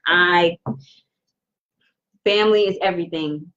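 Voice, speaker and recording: Woman, tarot reader, live reading, earnest, halting, repetitive restarts, muffled low-fi sound. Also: fairly bright tone. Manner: earnest, addresses viewers directly.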